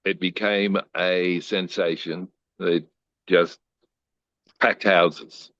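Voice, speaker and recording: An older man with a very deep, low voice tells stories from his life as an interview guest. He slips into the voices of the people he quotes and keeps the anecdotes lively. The sound is dry and a little dull, with no room echo. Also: drawn-out words. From Australia. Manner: animated storyteller who acts out quoted lines.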